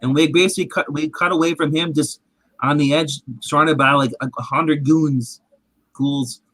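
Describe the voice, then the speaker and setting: A man hosting a casual show, retelling a TV episode in an animated, rambling way with restarts. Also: fairly high pitch, normal speed, dry recording. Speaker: podcast host. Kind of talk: casual chat recapping a TV episode.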